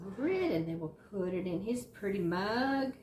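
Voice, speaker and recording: Southern woman, cooking-channel host, homey and encouraging, mid pitch, echoey kitchen sound. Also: expressive, normal speed, darkish tone, slight background noise. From Southern United States. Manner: folksy, chatty, encouraging. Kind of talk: casual cooking demonstration. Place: home kitchen.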